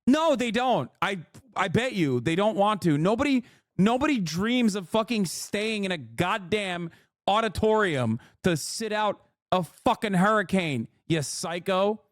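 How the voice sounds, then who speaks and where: A man with a notably high voice reacts to a video on stream, sarcastic and swearing freely. The sound is dry and close. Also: animated, a little slow, no room sound. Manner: heated, profane, sarcastic rants. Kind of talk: casual reaction commentary.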